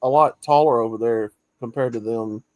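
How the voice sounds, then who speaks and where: A man's voice: medium pitch, moderate pace, darkish tone, dry recording. A man in casual chat who jokes and asks provocative questions over a video call.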